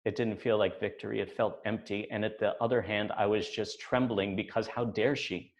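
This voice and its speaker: A man's voice: fairly low pitch, steady tone, moderate pace. Man telling a wry personal story. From United States.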